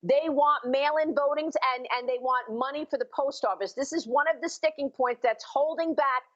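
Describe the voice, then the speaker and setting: High-voiced female news anchor pressing questions. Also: moderate pace. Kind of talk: broadcast interview. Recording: muffled rebroadcast audio.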